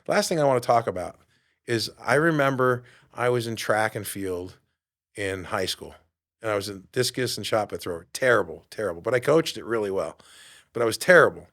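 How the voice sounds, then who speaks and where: A man in his late fifties, a podcast host and fitness coach, giving an emphatic motivational talk in a studio, swinging between loud bursts and quiet asides. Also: fairly low pitch, animated, moderate pace. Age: 50s.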